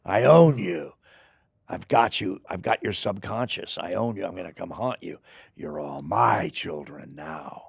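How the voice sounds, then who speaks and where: A gloating, sinister killer who stalks dreams, put on by a man. The voice drops low and slow with a gravelly edge. It sounds close and dry, as if in a small booth. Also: animated, no echo, heavily acted. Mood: menacing. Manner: low, slow, menacing delivery.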